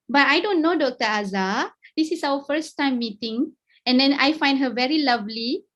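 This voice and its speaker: Malaysian woman speaker, high voice, encouraging webinar lecturer, code-switches, video call. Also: animated, moderate pace, a bit bright. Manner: encouraging, mixes English and Malay, frequent "okay?". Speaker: guest speaker. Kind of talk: webinar talk.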